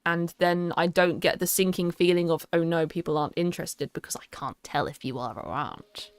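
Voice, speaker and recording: A woman's voice: lowish voice, fairly quick, clear, resonant tone, no echo. A young woman streaming a casual chat, rambling and stammering with lots of restarts.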